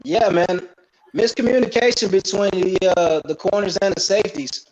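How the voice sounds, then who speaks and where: A man co-hosting a watch party, calmly breaking down football plays in casual chat. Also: sits high, normal speed. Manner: laid-back, explains plays. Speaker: co-host. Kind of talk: casual game analysis. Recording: dull lo-fi audio.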